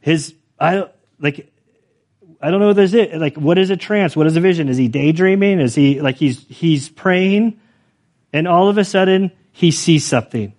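Brief: middle-aged man, pastor, slightly higher-pitched voice, loose conversational sermon delivery with frequent filler words. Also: moderate pace, darkish tone. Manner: casual, conversational, many fillers like "like". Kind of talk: storytelling sermon.

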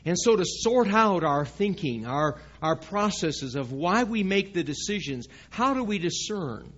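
A man's voice: high-pitched, sing-song, unhurried, few pauses, a bit bright, highs cut off. A man preaching a sermon to his congregation in a church, speaking conversationally and often asking the listeners questions. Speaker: pastor. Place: church sanctuary.

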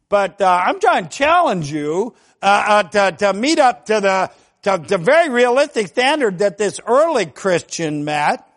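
A man's voice: extremely high pitch, fairly bright tone. An older man preaching a sermon as pastor, fervent, full of rhetorical questions and frequent amens.

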